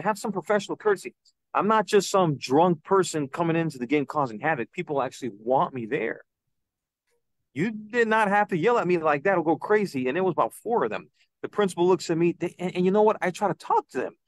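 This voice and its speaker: A young man, a podcast guest, telling an animated story and acting out the people he quotes. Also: a little high, no echo. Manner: excitable, acts out quoted voices. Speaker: podcast guest, citizen news reporter.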